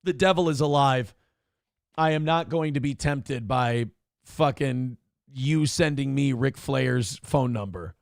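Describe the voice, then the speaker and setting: A man's voice: mid-range voice, unhurried, gravelly, no echo, studio quality. A man hosting a live-stream show casually, reading viewer comments aloud and joking crudely. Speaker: host.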